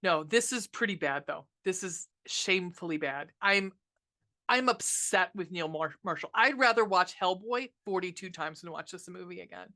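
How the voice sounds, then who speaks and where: A woman's voice: on the low side, expressive, moderate pace, bright, forceful tone. A woman co-hosting a horror movie podcast, ranting casually with lots of swearing and ums. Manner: profane, ranting, frequent ums. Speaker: podcast co-host reviewing horror films. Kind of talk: casual movie review chat.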